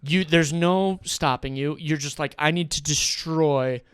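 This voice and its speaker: A man's voice: on the high side, measured pace, smooth, no room sound, clean studio sound. A man, a podcast guest, telling stories in casual chat and acting out what people said. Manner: animated, acts out quotes.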